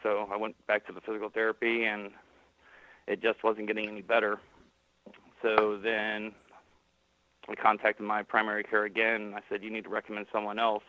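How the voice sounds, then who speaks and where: With long pauses and a monotone, low-leaning voice at normal speed, a man phones into a call-in stream. He tells his own story in a plain manner, quoting those he encountered, and the phone line sounds tinny.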